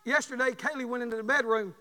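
A man preaching a sermon, telling folksy stories and rising to loud bursts. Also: extremely high pitch, steady tone, quick pace, long reverb tail.

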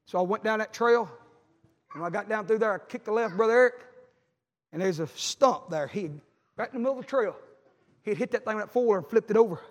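A middle-aged man, preaching a sermon as a pastor, telling folksy stories with animated emphasis. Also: high voice, fast talker, pauses often, muffled recording. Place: church sanctuary. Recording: long church reverb.

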